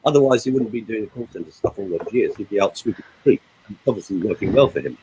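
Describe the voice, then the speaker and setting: On a group call, a man with a fairly low voice coaches others on using their voice, emphatic and animated as he demonstrates pauses. The sound is lo-fi with background noise.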